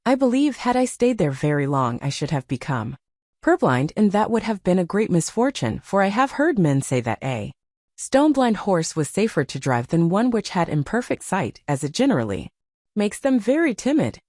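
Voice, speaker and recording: Lively woman audiobook narrator. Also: mid-range voice, dry recording, studio quality. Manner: measured storytelling. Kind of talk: scripted narration.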